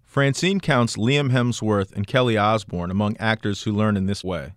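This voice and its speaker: A man reporting and narrating a scripted radio news feature in a measured, even way. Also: lowish voice, no echo, clean studio sound. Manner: measured, even storytelling delivery.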